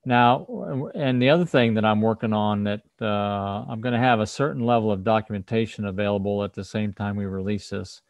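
A firmware developer hosts a casual livestream tech talk over a video call, explaining things and often restarting his sentences. His lowish voice moves fairly quickly with fairly even intonation and hardly any pauses, and the recording is dry.

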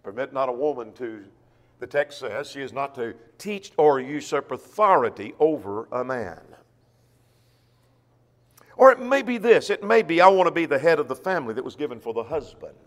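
A man's voice: mid-range voice, expressive, moderate pace, in a large hall. A man preaching a sermon who reads scripture aloud and poses rhetorical questions to the congregation. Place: church auditorium.

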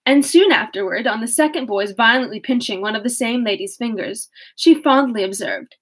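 A woman's voice: on the high side, expressive, moderate pace. A young woman reading a classic novel aloud, casually, correcting her slips and breaking off into laughing asides. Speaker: audiobook reader.

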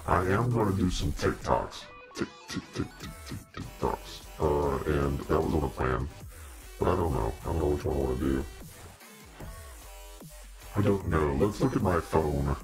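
A man with an extremely low, rumbling voice hosts a casual livestream in a demon persona. He rambles, jokes and chats directly with his viewers. Faint music sits in the background. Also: expressive, moderate pace, long pauses, darkish tone. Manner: rambling, joking, talks to viewers.

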